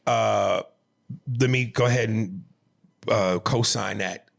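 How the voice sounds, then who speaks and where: A man's voice: fairly low pitch, slow pace, creaky. A man from New York City with a New York accent, co-hosting a podcast in casual, profane, emphatic chat with frequent restarts. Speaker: podcast co-host.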